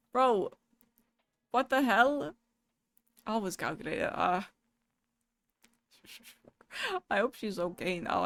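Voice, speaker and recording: A woman's voice: medium pitch, fairly bright tone, no echo. A young woman streamer chatting casually and reading viewer messages aloud, swearing freely in a loose, joking way. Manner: casual, profane, quick to laugh.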